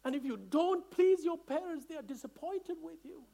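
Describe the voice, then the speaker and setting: An impassioned male pastor from India preaches to his congregation in a very high voice. He speaks earnestly, repeating and restarting phrases as he presses his point, sounding openly emotional. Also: moderate pace, warm tone. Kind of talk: sermon.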